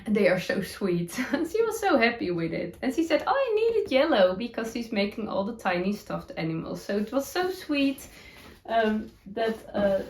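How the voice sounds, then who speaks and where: A woman with a Dutch accent, a native Dutch speaker, chatting casually as a knitting podcast host, with many fillers, pauses and giggles. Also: medium pitch, very animated. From Netherlands. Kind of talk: casual chat showing her knitting gear. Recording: roomy echo.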